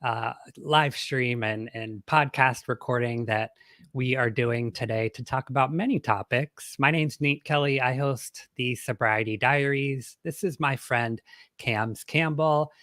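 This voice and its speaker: A man's voice: medium pitch, a little slow, a bit bright, no room sound, clean studio sound. A man hosting a casual live-stream podcast interview, speaking in a friendly, chatty way with frequent fillers and restarts over a video call. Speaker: podcast host.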